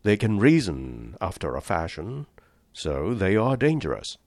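A man's voice: low-pitched, very animated, a little slow, darkish tone, no room sound, full character voice. A man reading the part of a polished, amused and condescending aristocratic general with cold-blooded views. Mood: suave.

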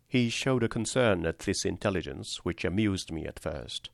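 Gravelly-voiced male audiobook narrator. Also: deep voice, expressive, no echo, studio quality. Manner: measured, grave, deliberate. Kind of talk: scripted literary narration.

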